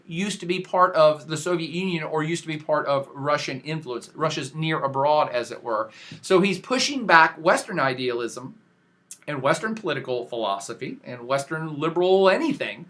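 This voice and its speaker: His voice leans high as he plays the professor in an informal podcast lecture about world affairs. Expect animated, slang-heavy emphasis and sentences that keep getting restarted.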